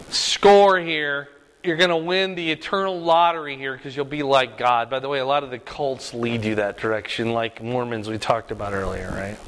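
A man's voice: fairly high pitch, pushed and bright. Man teaching a Bible study, echoey hall. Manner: conversational, frequent rhetorical "right?".

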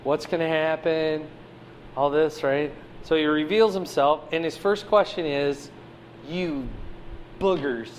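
A man giving a conversational sermon, teaching a Bible passage with animated swings between loud emphasis and quiet asides. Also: on the high side, a little slow, a little hiss or hum.

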